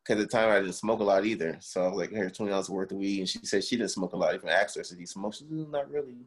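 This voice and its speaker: Low-voiced man telling a wild story. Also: racing, husky. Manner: animated, swearing, acts out quotes. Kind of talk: casual chat, telling a story.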